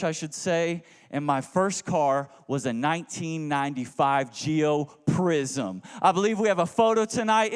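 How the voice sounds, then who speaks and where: Young male pastor from Houston, high voice, comic storyteller, big echoing hall. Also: smooth. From Houston, Texas. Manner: animated, joking, drops to low asides. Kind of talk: humorous storytelling sermon. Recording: long reverb of a large hall.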